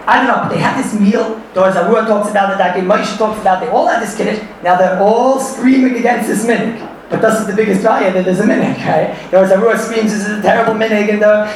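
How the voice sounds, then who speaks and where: A man giving an animated Torah class to a room full of listeners, mixing in Yiddish and Hebrew terms and often laughing as he talks. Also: sits high, slight background noise. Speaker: Torah teacher. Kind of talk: lively halachic class. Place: room with audience. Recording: echoey room, far from the mic.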